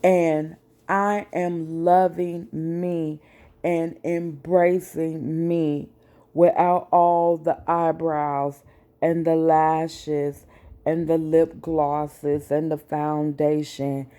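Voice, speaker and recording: A woman vlogger, speaking slowly and with feeling in a personal message to her viewers. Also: low-pitched, little pitch movement, warm tone. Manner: slow, deliberate, emotional.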